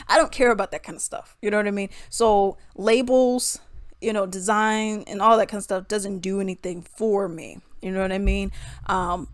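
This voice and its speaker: A chatty young woman talks straight to her viewers in a relaxed storytime vlog, laughing often and saying "y'all". Her voice sits in a middle range for a woman. The sound is close and dry, with no room echo. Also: medium pitch. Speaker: vlogger. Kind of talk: casual storytime and reaction commentary.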